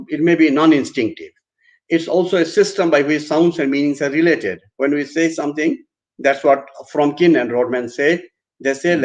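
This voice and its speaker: A man with an Indian English accent giving an online university lecture, often restarting his phrases and acting out examples. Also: mid-range voice. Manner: repetitive restarts, animated acted examples. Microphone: computer mic on a video call. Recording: dull lo-fi online class audio.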